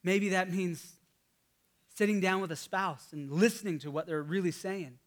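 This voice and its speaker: A man's voice: sits high, normal speed. A man in his thirties, a pastor, preaching a sermon in a conversational storytelling way, with fillers and restarts.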